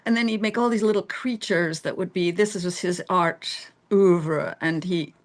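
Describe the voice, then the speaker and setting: A woman's voice: fairly low pitch, moderate pace. Chatty woman telling stories. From England. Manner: animated storyteller, laughs often, acts out voices. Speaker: guest. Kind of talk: casual interview storytelling.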